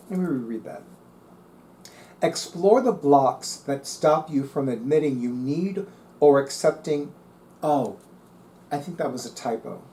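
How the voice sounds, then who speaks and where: A man's voice: on the high side, mellow. A middle-aged man reading tarot articles aloud and musing on them in a casual, chatty way. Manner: musing, reads aloud then comments. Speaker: tarot reader.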